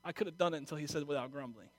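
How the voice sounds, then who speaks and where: A middle-aged pastor preaches an emotional sermon, shifting from quiet, confiding talk to loud exhortation. His voice is a little high and his pace racing.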